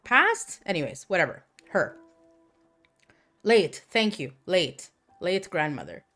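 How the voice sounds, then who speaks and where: A woman's voice: lowish voice, huge pitch swings, normal speed, bright, forceful tone, faint music behind. A young adult woman streamer in casual chat, telling crude, candid stories in a rambling way.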